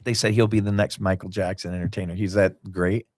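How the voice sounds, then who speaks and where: A man's voice: low voice, fairly even intonation, fast talker, a little mellow, no echo, clean studio sound. A man in a casual podcast chat who rambles from tangent to tangent, acting out what people said. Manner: rambling storyteller, jumps between tangents, acts out quotes. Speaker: guest, basketball team owner.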